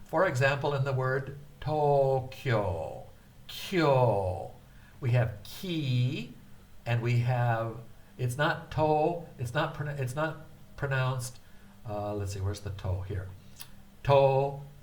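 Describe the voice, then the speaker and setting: An older man teaching a beginner language lecture, speaking patiently with frequent hesitations and carefully drawn-out syllables. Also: medium pitch, expressive.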